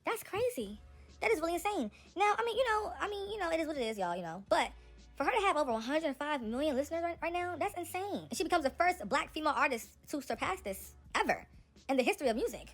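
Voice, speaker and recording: Sassy high-voiced woman gossip host. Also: sing-song, fast, faint music behind. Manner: sassy, opinionated, talks straight to viewers. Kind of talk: casual commentary to camera.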